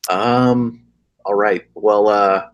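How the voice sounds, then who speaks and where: A man's voice: fairly low pitch, fairly even intonation, very slow, clear, resonant tone, dull audio. A man playing a tabletop game, thinking his plans through aloud with some hesitation. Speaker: player. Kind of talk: casual tabletop game play.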